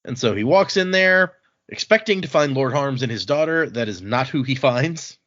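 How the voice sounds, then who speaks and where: A man co-hosting a casual book podcast, animated and quick to laugh. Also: medium pitch, lo-fi sound. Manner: animated, laughs easily, acts out quotes. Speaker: podcast co-host. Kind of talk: casual book discussion, reading aloud.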